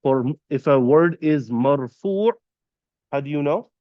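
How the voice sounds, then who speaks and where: Slow, patient man teaching a class. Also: fairly high pitch, animated, no room sound, highs cut off. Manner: patient, quizzes students and repeats terms slowly. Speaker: Arabic teacher. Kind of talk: classroom lesson. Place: classroom at an Islamic center.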